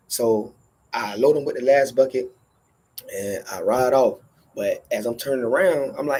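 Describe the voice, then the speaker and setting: A man telling a profane workplace story in casual storytelling style, animated and acting out every line of dialogue. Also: medium pitch, measured pace, pauses often, breathy edge.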